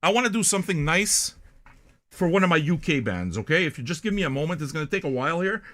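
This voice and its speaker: A man's voice: a little high, big pitch swings, quick pace, sharp tone. An older man from Canada, hosting a music reaction show in a blunt, profane, rambling monologue.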